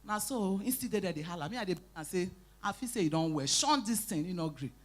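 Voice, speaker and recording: A woman with a Nigerian Pidgin accent doing live stand-up comedy, telling animated stories, shouting out acted lines and teasing the crowd. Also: on the low side, fast. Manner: animated storytelling, bursts into shouting and acted quotes, teases the crowd. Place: live event stage.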